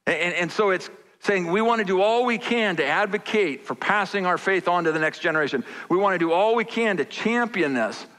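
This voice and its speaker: A man's voice: high-pitched, expressive, fairly quick, a bit bright. A man preaching a sermon as pastor, conversational and repeating phrases for emphasis. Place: large church sanctuary. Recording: church hall reverb.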